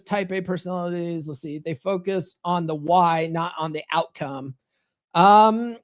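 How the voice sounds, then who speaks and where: A man hosting a live podcast as a dating coach, chatting casually, reading viewer comments and swearing freely as he rambles through stories. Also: high voice. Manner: profane, rambling, animated storytelling. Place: home studio.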